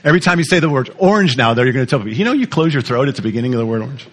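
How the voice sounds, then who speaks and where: A man preaching a sermon, teaching with lively repetition and questions to the congregation. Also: medium pitch, very fast. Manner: animated teaching, repeats words, asks the audience questions. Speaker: pastor.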